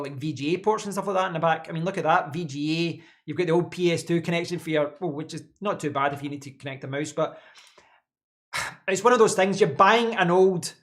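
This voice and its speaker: A man's voice: fairly high pitch, a bit bright. Rambling man on a live stream. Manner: rambling, repeats words while thinking. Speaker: live stream host answering chat. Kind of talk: casual live-stream chat. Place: home office desk.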